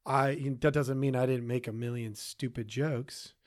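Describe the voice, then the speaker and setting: A man's voice: mid-range voice, fairly even intonation, normal speed. A man co-hosting a podcast in casual chat, often trailing off and restarting his sentences. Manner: hesitant, trailing off mid-sentence. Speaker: podcast co-host.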